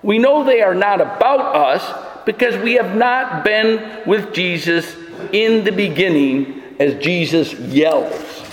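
A man with a high voice preaches a sermon, emphatic and dramatic, lifting to ringing peaks and dropping to hushed lows. His voice carries through a church with a long, echoing reverb. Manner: emphatic preaching, swings between soaring and hushed. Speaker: pastor. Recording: echoey church hall.

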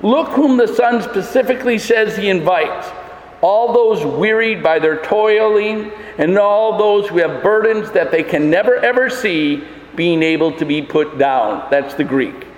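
A man's voice: high voice, expressive, measured pace. A man pastor preaching a sermon in a church, emphatic, with many rhetorical questions. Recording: echoey hall with long reverb.

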